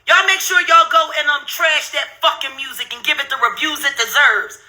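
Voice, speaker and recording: Middle-aged woman host, heated cursing rant, very high voice, cutting edge to it. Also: moderate pace, sharp tone. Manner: heated, cursing, repetitive, counts aloud sarcastically. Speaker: channel host ranting to viewers. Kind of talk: angry profane rant while browsing videos on screen.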